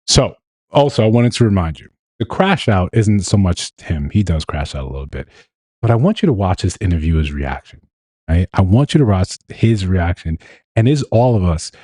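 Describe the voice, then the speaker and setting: Man, live show host, low pitch, dry close sound, rambling, gossipy reaction talk. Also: animated, normal speed, mellow, dry recording. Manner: rambling and gossipy, with many fillers and restarts.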